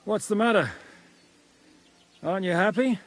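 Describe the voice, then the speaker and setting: Brief: a coarse veteran soldier, slightly high voice, video game. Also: male voice, unhurried. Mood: steady. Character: gruff medieval soldier, battle-hardened comrade.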